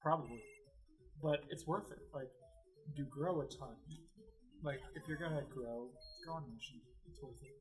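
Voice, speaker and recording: A man's voice: a little high, moderate pace, a little mellow, faint music behind. A young married man chatting eagerly about games with a friend as they play. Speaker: co-host. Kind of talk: casual gaming chat.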